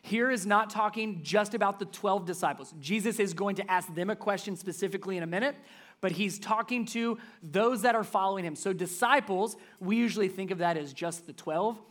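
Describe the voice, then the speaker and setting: A pastor giving a sermon in a conversational, emphatic way. The voice swings between loud stressed words and soft, low asides. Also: fairly quick.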